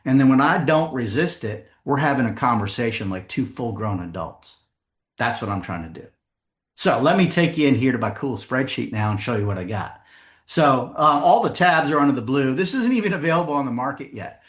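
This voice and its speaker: Speaking to a live audience at a sales seminar, a middle-aged man uses a mid-range, expressive, slightly bright voice. He mixes funny anecdotes, character voices, and quick asides with questions for the room.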